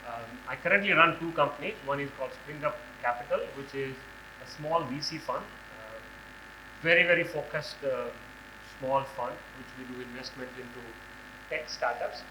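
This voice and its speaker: A man, hoarse from a cold, giving a conference talk with many fillers and restarts. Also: medium pitch, normal speed, roomy sound, background noise. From India. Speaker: guest speaker. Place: large hall on stage.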